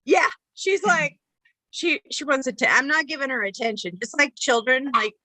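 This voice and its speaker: Chatty woman with a bright, higher voice. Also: brisk, dry recording, poor audio. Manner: chatty, rambling, lots of fillers and restarts. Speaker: makeup tutorial host. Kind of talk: casual how-to demonstration.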